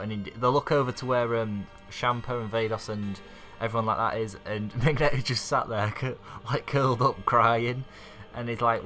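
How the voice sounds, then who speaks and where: A man's voice: medium pitch, fairly even intonation, brisk, hardly any pauses, bright, forceful tone, faint music behind. A man recapping an anime episode in a casual, rambling way, full of fillers and little laughs. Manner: rambling, filler-heavy, chuckles often. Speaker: YouTube anime reviewer.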